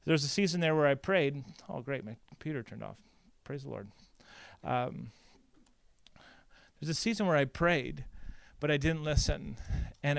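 In a conference breakout talk, a male pastor tells stories in an animated, conversational way, sprinkling in "like" and "right?" asides. His voice is on the high side, clean and free of echo.

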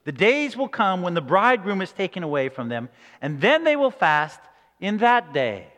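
A man's voice: high voice, big pitch swings, moderate pace, a bit bright, in a large hall. A man preaching a sermon in a conversational way, acting out quoted reactions. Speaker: pastor.

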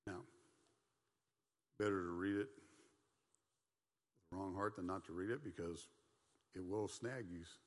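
A middle-aged man teaching a Bible study class in a folksy, animated, conversational way, with quick asides and playful mock voices. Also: low voice, in a large hall.

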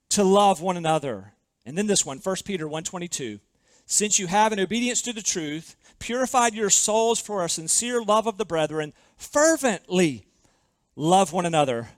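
A man preaching a sermon, reading scripture aloud and stressing key words slowly, with frequent rhetorical questions to the congregation. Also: sits high, dry recording. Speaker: pastor.

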